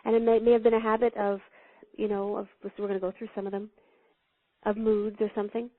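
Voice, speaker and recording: A woman's voice: medium pitch, fast. A woman speaking as a guest in an interview, teaching through stories and acting out the voices in them. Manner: animated storyteller who acts out the voices in her stories. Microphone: phone line. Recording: tinny phone line.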